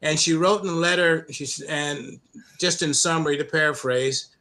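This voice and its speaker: A middle-aged man from the United States, a program founder telling stories in an interview, with many restarts and an occasional cleared throat. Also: fairly high pitch, steady tone, pushed and bright. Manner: halting, many restarts and repeated words. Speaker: anti-bullying program founder, guest. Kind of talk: conversational interview storytelling.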